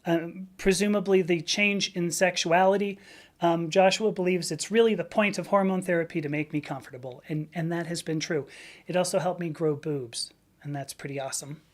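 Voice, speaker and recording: A woman with a Southern California Valley accent, hosting a relaxed live stream. She talks candidly and conversationally, answering viewer comments, with plenty of "um"s and little restarts. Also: on the low side, moderate pace. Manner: chatty and candid, with frequent fillers and restarts.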